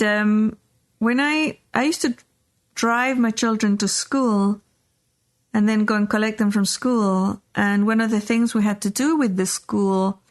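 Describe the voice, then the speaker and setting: A middle-aged woman hosting a podcast, telling a personal story in a loose, rambling way with lots of fillers and restarts. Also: medium pitch. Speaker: podcast host. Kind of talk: casual storytelling chat.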